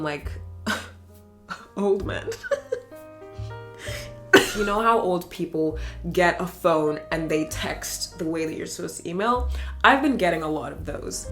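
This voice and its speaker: A woman's voice: fairly low pitch, a bit bright. A woman in her twenties chatting casually while getting ready, telling stories with sarcastic asides. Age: 20s. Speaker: vlogger. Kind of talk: casual get-ready-with-me chat.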